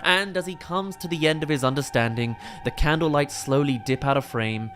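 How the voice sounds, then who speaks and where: A film reviewer eagerly analyzes movies in detail, dissecting shots and lighting. His slightly high, fairly bright voice moves at a fairly quick pace, with faint music playing beneath his commentary.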